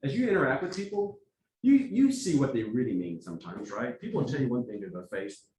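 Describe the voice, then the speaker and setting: A man with a Texas accent leading a church evangelism workshop, talking conversationally and acting out quotes in lively asides. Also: mid-range voice, brisk, slight background noise. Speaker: evangelism trainer. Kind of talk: workshop teaching. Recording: echoey room, from far off.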